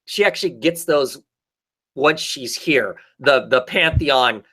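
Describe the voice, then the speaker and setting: A man's voice: mid-range voice, takes it slowly, bright, forceful tone, breathy edge. A man in a casual chat, rambling through a comic story with lots of fillers and restarts. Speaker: podcast co-host.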